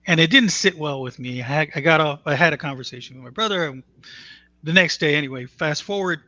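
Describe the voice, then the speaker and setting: A man recounts a personal story in an earnest, conversational way. His voice is bright and forward and sits a little high. The sound is dry and a bit muffled, like a lo-fi stream. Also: dry recording. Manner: earnest, matter-of-fact, quotes others as he tells it.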